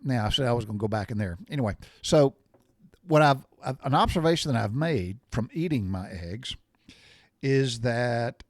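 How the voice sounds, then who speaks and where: Older guy, 60s, rambly folksy vlog chat, mid pitch, dry close sound. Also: lively intonation, moderate pace, no echo. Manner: rambling and folksy, wanders off topic. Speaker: vlogger. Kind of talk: casual chat.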